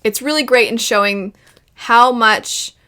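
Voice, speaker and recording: Animated woman in casual reaction commentary. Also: on the high side, measured pace. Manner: animated and emotional, laughing often. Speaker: video host reviewing a cartoon series.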